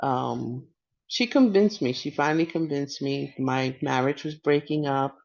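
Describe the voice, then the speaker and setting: A middle-aged woman veteran giving personal testimony on a panel, halting and hesitant with many restarts. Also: very deep voice, creaky, a little mellow. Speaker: veteran panelist and peer support worker. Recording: muffled lo-fi audio.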